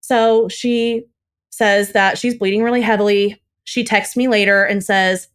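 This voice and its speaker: A woman's voice: measured pace, smooth. A young adult woman as a podcast guest, casually recounting a story and acting out the quoted dialogue. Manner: animated retelling, acts out quoted dialogue with higher pitch.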